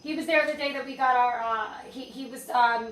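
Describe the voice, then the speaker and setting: A woman's voice: high-pitched, brisk. A woman hosting a casual podcast, telling stories with energy and swearing freely. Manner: lively storyteller, swears freely. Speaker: podcast host and interviewer. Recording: roomy and distant with faint background noise.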